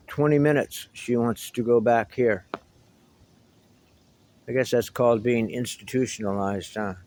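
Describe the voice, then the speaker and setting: A man's voice: mid-range voice, rough recording. A middle-aged man talking casually to the camera in a meandering, reminiscing way, with wry asides. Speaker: vlogger. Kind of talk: casual rambling monologue to camera.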